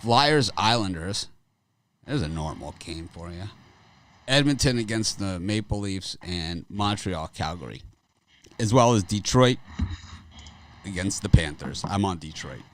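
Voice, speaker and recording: A man's voice: sits low, expressive, a little slow, pauses often. A man hosting a sports betting show in a studio, teasing his co-hosts and laughing as he runs through the games. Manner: teasing, laughing, mock golf-commentary whispers. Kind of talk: casual studio banter.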